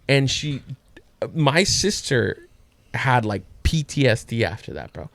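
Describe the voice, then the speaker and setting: A man's voice: mid-range voice, expressive, a little slow, a bit bright, no echo. A man co-hosting a podcast, telling a story in a loose, profane, slangy way. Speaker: podcast co-host. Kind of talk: casual storytelling.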